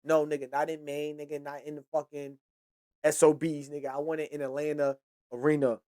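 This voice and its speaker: A man's voice: fairly high pitch, little pitch movement, brisk, warm tone. A man hosting a hip-hop podcast who talks casually and profanely, gives heated opinions and often trails off and restarts his sentences. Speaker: podcast host.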